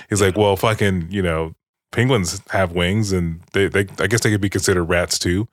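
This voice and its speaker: Man with a low voice, rambling movie recap, swears a lot, dry close sound. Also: moderate pace, dry recording. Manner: rambling, profane, acts out movie lines. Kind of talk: casual movie discussion.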